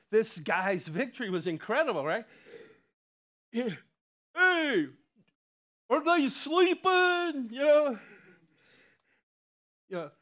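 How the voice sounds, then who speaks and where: A man's voice: a little high, fairly bright tone. A man preaching a sermon in a conversational way, with frequent chuckles and asides. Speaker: lay preacher.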